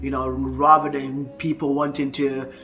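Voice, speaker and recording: A man's voice: medium pitch, little pitch movement, unhurried, pushed and bright, soft background music. A man, ranting about football in a casual vlog, heated and full of stuttering restarts. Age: 20s. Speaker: football fan vlogger.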